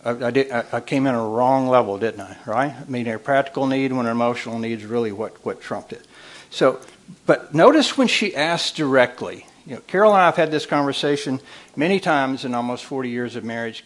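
A man's voice: mid-range voice, a little fast. A man, a marriage counselor giving a humorous talk with folksy storytelling and repeated phrases.

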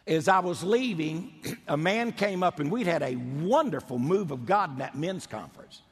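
Husky preacher in a big echoing hall. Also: male voice, fairly high pitch, lively intonation, moderate pace. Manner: emphatic preaching, stretches key words. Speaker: pastor. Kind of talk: sermon.

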